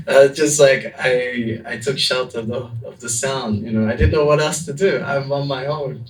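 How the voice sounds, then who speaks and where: A young adult man, a monk, telling a story in a lively, laughing way with lots of fillers. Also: mid-range voice, normal speed, few pauses, far from the mic. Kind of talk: storytelling talk. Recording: echoey room, voice from off-mic.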